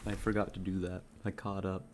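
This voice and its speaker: A woman's voice: extremely low pitch, flat delivery, fairly quick, noisy background. A woman from California streaming a game, chatting with viewers in a laid-back, giggly way on a headset mic. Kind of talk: casual live-stream chat.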